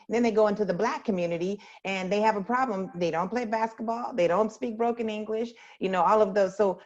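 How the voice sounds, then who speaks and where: A woman speaks as a parent at a town hall meeting, earnest and full of pointed questions. Her voice has a mid pitch. The audio is dull and lo-fi. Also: darkish tone.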